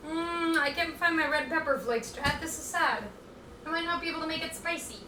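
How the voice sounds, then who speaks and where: A woman's voice: high-pitched, a little fast, pushed and bright, roomy sound, recorded from a distance, slight background noise. A woman streamer chatting casually with her viewers as she cooks at home, reading chat aloud in a scattered, playful way. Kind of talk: casual chat while cooking. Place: home kitchen.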